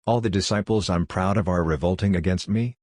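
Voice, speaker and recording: A stern old master of a sect, proud and grave, voiced by a man. The voice is very deep and the sound dry, close to the mic. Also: fairly quick, darkish tone, dry recording.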